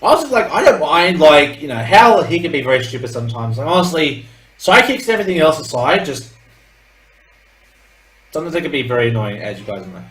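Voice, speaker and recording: Casting: Australian let's-play host, sweary and animated, roomy distant mic. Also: male voice, on the high side, a little fast. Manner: swearing, laughing, self-mocking asides. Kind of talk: gameplay commentary. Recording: echoey room, distant mic, game music.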